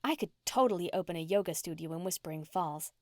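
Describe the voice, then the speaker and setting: An upbeat woman who loves yoga talks casually and cheerfully, voiced by a woman narrating an audiobook. Her tone is a bit low for a woman. The recording is close and dry. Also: quick pace, no room sound, natural voice.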